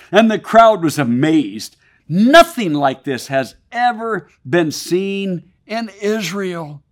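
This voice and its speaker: High-voiced preacher with dramatic dynamics. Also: male voice. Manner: dramatic swings from loud to hushed, paraphrasing scripture in voices. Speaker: pastor. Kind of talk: sermon.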